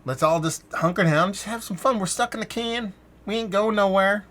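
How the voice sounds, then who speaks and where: A man's voice: high-pitched, normal speed, fairly bright tone, voice pushed up. A man voicing two male beer flavors, a crusty roasty guy and a sweet vanilla guy, who talk like laid-back, swearing bros making peace. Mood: mellow. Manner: laid-back, profane, bro-like.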